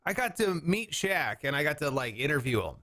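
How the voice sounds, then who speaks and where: High, lively young man joking around. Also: brisk. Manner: animated, laughs often, acts out silly voices. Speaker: podcast co-host. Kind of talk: crude comedic banter.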